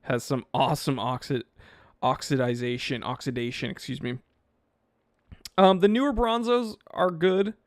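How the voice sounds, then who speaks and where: A man's voice: mid-range voice, normal speed, dry recording. A man hosting a live stream, casually reading viewer comments aloud and rambling offhand about them. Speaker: watch channel host reading live chat.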